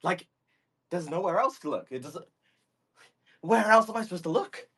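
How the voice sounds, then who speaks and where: A man's voice: sits high, animated, moderate pace, pushed and bright, breathy edge. A man streaming live, talking into a phone microphone from a step away in his room at home, rambling in exasperated, baffled bursts and swearing. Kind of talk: casual live audio chat.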